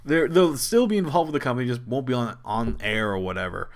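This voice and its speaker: A man hosts his own wrestling show, talking casually and at length in rambling, animated solo commentary. He restarts often, and his pitch jumps suddenly high whenever he quotes someone.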